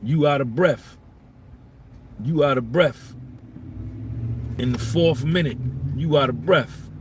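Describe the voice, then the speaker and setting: A man's voice: medium pitch, takes it slowly. A man in a mid-range voice delivers a live podcast monologue, blunt and profane, hammering each point by saying it again. Faint background noise hums under his voice. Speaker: podcast host.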